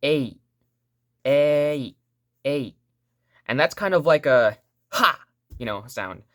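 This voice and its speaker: A woman's voice: extremely low pitch, lively intonation, measured pace, fairly bright tone, no room sound, clean studio sound. A woman teaching a language lesson online in a playful, joking way, repeating sounds for learners to say back.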